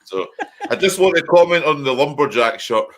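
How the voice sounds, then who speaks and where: A man's voice: on the high side, lively intonation, moderate pace, fairly bright tone. A man joining a livestream as a guest, teasing the host and laughing easily. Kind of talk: casual livestream chat.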